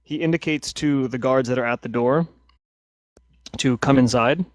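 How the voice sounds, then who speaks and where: A man's voice: mid-range voice, normal speed, no room sound. A man narrating a tabletop game as game master, often restarting and hesitating mid-sentence.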